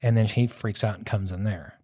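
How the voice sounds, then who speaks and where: A man's voice: on the low side, steady tone, a little fast, mellow, husky, no room sound, clean studio sound. A man casually telling a long ghost story, rambling and circling back with "so anyways.". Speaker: podcast host telling a story.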